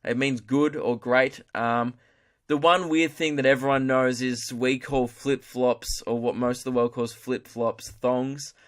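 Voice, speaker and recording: A young Australian man talks straight into his podcast mic, rambling through a comedy bit with broad slang. He swears freely and keeps mocking himself. His voice sits at an ordinary middle pitch. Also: fairly even intonation, measured pace. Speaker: podcast host. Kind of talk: casual solo comedy podcast.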